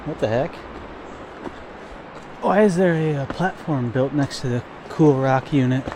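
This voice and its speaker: A young thru-hiker vlogs by a river near a town in an unhurried, mid-range voice, with background noise behind him. His casual trail diary rambles along, self-deprecating and packed with swearing and fillers.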